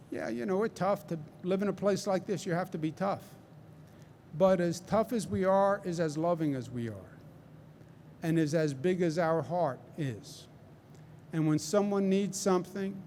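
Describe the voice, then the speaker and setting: A man with a Queens New York accent speaks at a public press briefing, his voice sitting high for a man. He talks slowly and deliberately, repeating phrases to drive them home. A faint hiss of noise sits underneath. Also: a little mellow. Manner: emphatic, repeats key phrases for stress. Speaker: governor giving a press briefing. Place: large indoor hall.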